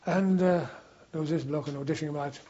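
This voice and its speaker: Husky older man telling war stories. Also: on the high side, fairly quick, warm tone, muffled recording. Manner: rambling anecdotal storytelling, frequent restarts. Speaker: war veteran interviewee. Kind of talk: oral history reminiscence.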